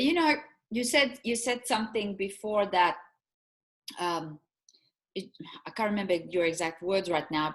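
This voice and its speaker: A woman's voice: lowish voice, a bit bright. Woman, 40s, chatty co-host, rambling storyteller with fillers. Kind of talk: casual chat.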